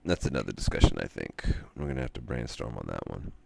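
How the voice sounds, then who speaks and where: A man with an extremely low, gravelly voice rambles through a stream monologue. He rants and muses, trailing off into long pauses between thoughts. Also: animated. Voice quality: very deep gravelly voice. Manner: ranting, musing, drawn-out pauses.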